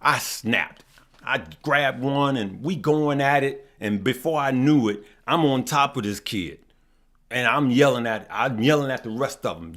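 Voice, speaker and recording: A man's voice: mid-range voice, a little slow, a bit bright. Middle-aged man, mid-range voice, channel host, impassioned livestream talk, preachy and folksy, repeats himself. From West Side of Chicago. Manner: preachy, repetitive, folksy storytelling. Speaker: stock market channel host.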